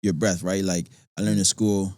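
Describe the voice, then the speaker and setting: A man from Nova Scotia, an actor guest on a podcast, talking in a rambling, animated way full of fillers. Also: low-pitched, moderate pace, dry recording, clean studio sound. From Nova Scotia, Canada. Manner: animated, rambling with many fillers, laughs easily. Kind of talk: casual podcast conversation.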